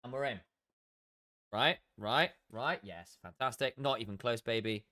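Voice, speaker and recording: A man's voice: mid-range voice, measured pace, pushed and bright. A man streaming a game live, chatting casually to viewers and muttering to himself while he fiddles with his settings.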